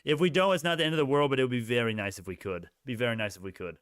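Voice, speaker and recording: Fast-talking heated young man streaming. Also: mid-range voice, a bit bright, clear, resonant tone, dry recording, studio quality. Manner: heated, ranting, talks to chat, many restarts. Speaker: stock livestream host. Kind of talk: casual livestream commentary.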